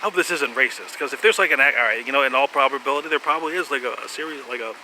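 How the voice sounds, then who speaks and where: A man's voice: mid-range voice, very fast, background noise. A man rambling through a casual monologue, laughing often, swearing, and trailing off into fillers and restarts.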